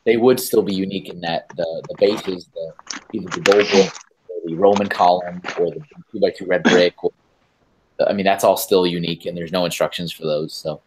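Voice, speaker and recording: A man's voice: sits low, steady tone, a little fast, slight background noise. A man hosting a casual video-call chat, rambling and hesitant with many fillers. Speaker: host.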